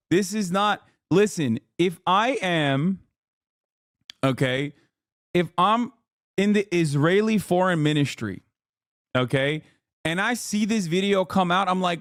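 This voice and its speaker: High-voiced man ranting on a stream. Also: no echo, clean studio sound. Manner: incredulous, profane, animated ranting. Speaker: streamer reacting to videos. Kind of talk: casual live-stream commentary.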